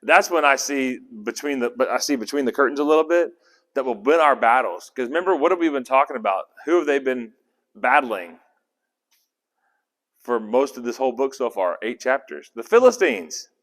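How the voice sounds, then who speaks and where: A man's voice: medium pitch, lively intonation, normal speed, a bit bright. Rambling conversational man teaching in a hall. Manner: conversational, rambling, self-correcting. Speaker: Bible study teacher. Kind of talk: casual Bible study teaching. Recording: long hall reverb.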